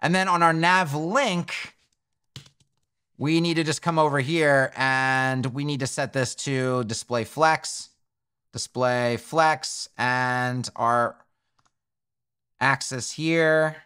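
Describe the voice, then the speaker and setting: Man, coding tutorial, slow unhurried delivery, slightly high voice, thinks aloud, self-correcting. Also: steady tone, pushed and bright, clear, resonant tone. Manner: thinks aloud while clicking through settings, self-correcting. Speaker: web development tutor. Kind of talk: screen-recorded coding tutorial.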